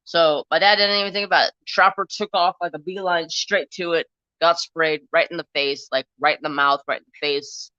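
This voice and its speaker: Casual male stream host with a bright, tense voice, chatty and profane, recorded dry and a bit lo-fi. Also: fairly high pitch, fairly quick, clean tone, no echo. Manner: rambling, animated, swears freely. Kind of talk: casual storytelling chat. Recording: slightly dull, lo-fi sound.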